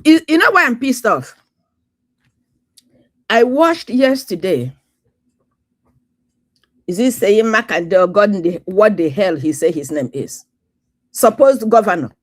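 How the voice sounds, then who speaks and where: Woman, Nigerian Igbo accent, talk show guest, slow, emphatic, lively pitch. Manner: angry, emphatic, lecturing. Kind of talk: casual talk show chat.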